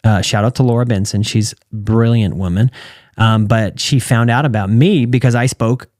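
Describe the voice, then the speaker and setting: A man's voice: fairly low pitch, moderate pace, no echo, studio quality. A man in his thirties with an American accent, a guest on an interview show, telling stories casually and acting out the dialogue. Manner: animated storyteller who acts out quoted dialogue. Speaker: guest, retired champion calf roper and entrepreneur.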